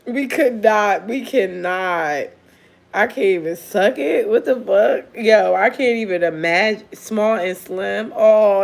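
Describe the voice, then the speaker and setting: A woman's voice: mid-range voice, gravelly, a little mellow. Blunt, laughing woman telling a story. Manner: blunt and profane, breaks into laughter. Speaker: tarot reader. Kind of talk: casual storytelling chat.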